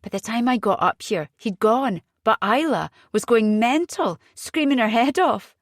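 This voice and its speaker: A woman reading an audiobook voices an agitated young mother, fierce and frightened, her voice jumping high when upset. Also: animated, a little slow, no room sound, studio quality.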